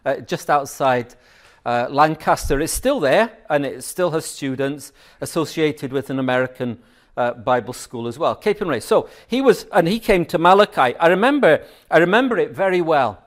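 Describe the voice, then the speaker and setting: A man's voice: fairly high pitch, animated, moderate pace. A middle-aged man preaching a sermon in a chatty storytelling way, asking the congregation questions.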